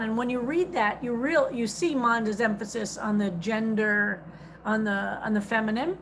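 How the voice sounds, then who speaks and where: High-voiced woman rabbi teaching on a call. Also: lively intonation, a little hiss or hum. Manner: reads translations slowly, stressing each phrase. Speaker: rabbi leading a text study. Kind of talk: teaching a class by video call. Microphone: video call.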